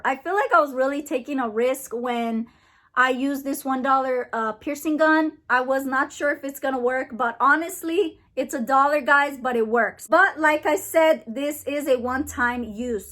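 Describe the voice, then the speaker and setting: High-voiced chatty woman vlogger. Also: a bit bright. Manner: nervous, chatty, self-encouraging. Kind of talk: casual vlog.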